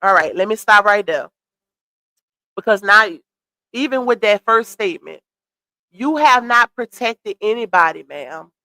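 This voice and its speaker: A woman's voice: medium pitch, lively intonation, measured pace, long pauses, pushed and bright, no echo. A woman with a cold and a stuffy, congested voice, hosting a casual live stream commentary, sassy and chatty as she greets her chat.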